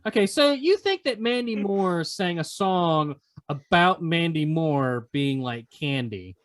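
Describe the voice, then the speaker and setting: A man's voice: a little high, expressive, takes it slowly. A man hosting a podcast quiz segment, teasing the players in a playful, casual way. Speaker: podcast host running a quiz. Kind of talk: casual chat.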